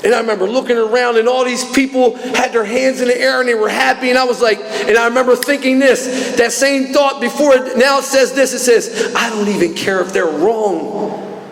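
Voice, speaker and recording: A man's voice: very high-pitched, level tone, fairly quick, hardly any pauses, fairly bright tone. Earnest man in an echoey hall. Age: 40s. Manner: earnest, emotional, rising to fervent. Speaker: recovery meeting speaker. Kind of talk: personal testimony talk. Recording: echoey hall recording from a distance.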